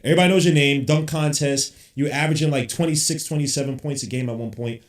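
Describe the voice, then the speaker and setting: This basketball podcast host talks fast in a voice on the high side. He rants bluntly and swears casually as a frustrated fan reacting live to the game, with a roomy echo in the recording.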